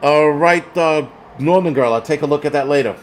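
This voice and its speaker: A man's voice: a little high, normal speed, slight background noise. A man hosting a casual livestream, reading chat comments aloud and ranting bluntly with plenty of profanity.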